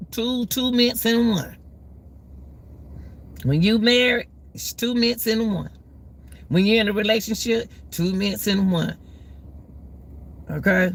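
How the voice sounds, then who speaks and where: A woman's voice: medium pitch, fairly bright tone. A woman giving relationship advice to her viewers, in a preachy, repetitive way. She drawls her key words and keeps calling her listeners "y'all.". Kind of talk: casual advice talk to viewers. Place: outdoors in the cold.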